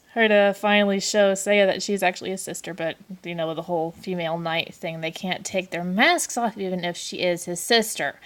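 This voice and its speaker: A woman in a casual review vlog, chatting and gushing, with lots of fillers and giggles. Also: medium pitch. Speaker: anime review vlogger.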